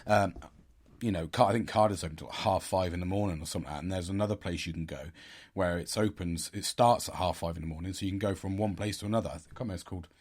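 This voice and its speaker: A man telling a story in a casual, animated way. He swears a lot and laughs at himself. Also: sits low, racing. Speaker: podcast host.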